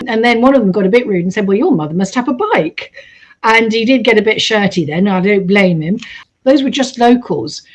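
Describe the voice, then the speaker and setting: A woman recounting a true story in a casual, animated way, acting out the voices of the people in it. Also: medium pitch, moderate pace. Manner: animated, acts out quoted voices. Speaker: storyteller host.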